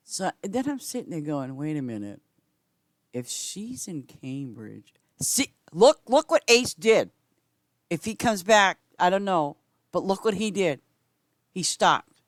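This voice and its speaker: A woman game streamer chatting casually with her viewers while she plays, rambling and swinging between loud greetings and quiet asides. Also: dry recording, studio quality. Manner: chatty, rambling, repeats "I'm just saying"; lively swings in pitch and loudness, sometimes whispering. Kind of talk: casual gameplay chat with viewers.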